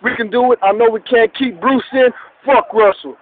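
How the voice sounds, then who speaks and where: A man's voice: very high voice, moderate pace, narrow, tinny audio. An angry male caller from Dallas ranting and swearing on a call-in show. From Dallas, Texas. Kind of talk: call-in rant.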